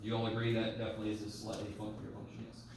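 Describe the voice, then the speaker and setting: A man's voice: fairly low pitch, completely flat delivery, very fast, vocal fry. A man giving a casual, joking math lecture in a classroom, swearing now and then as he works through problems. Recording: echoey classroom from a distance, faint room noise.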